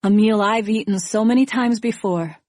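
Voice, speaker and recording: A medium-pitched woman tells a first-person thriller as an audiobook, keeping a measured, even delivery. There's no echo, just clean studio sound.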